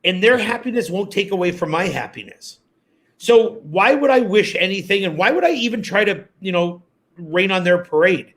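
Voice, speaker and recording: In a relaxed interview, this guest, once a radio host and from Canada, spins lively stories while performing the quotes. He speaks at a normal speed in a voice that sits high.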